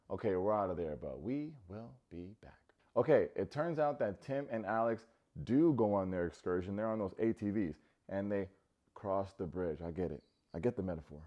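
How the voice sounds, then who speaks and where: A man's voice: lowish voice, highs cut off. A man hosting a comedic TV recap, talking with playful, sarcastic asides. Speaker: recap host.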